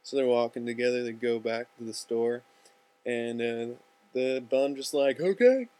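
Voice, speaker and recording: A young man telling a story in a loose, rambling, profane way. His voice sits at an ordinary middle pitch, and his delivery stays casual throughout. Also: completely flat delivery, normal speed, a little mellow, dry recording.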